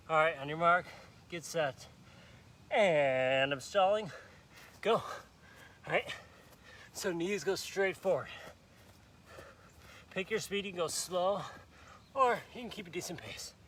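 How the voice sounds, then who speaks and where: A man's voice: fairly high pitch, fairly bright tone, slight background noise. Upbeat, breathless male workout coach. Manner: upbeat, urging viewers on with countdowns. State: out of breath, sweating. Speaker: fitness instructor. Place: outdoors in a park on grass.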